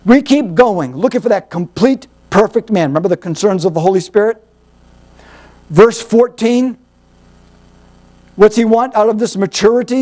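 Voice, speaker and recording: Male pastor, high pitched, lively, teaching sermon with acted-out dialogues. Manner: animated, acts out little dialogues, rhetorical questions.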